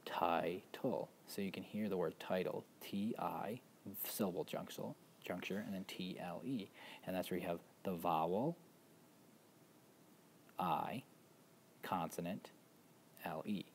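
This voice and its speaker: A man teaching a spelling lesson, patiently explaining step by step with frequent pauses and ums. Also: sits low, slight background noise. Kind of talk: instructional walkthrough.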